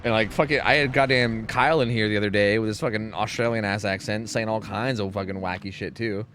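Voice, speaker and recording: A man's voice: lowish voice, brisk, a little hiss or hum. A man in his thirties with a Pennsylvania accent, chatting casually and rambling through stories while streaming a game, swearing often. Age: 30s. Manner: rambling, swears a lot, animated storytelling. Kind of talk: casual gaming stream chat.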